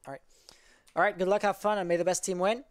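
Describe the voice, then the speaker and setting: A male esports caster calling a live match, talking in a halting way, often stopping to correct himself. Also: high-pitched, fairly even intonation, clean tone. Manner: halting, self-correcting, apologizes for stuttering.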